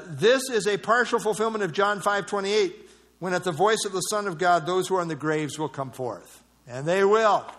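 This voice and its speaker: Male Bible study teacher, high-ish voice, conversational and explanatory. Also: fairly bright tone. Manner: conversational, explanatory, with fillers and restarts.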